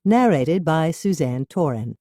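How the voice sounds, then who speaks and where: A woman narrating an audiobook with expressive, measured storytelling. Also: low voice, no echo, clean studio sound.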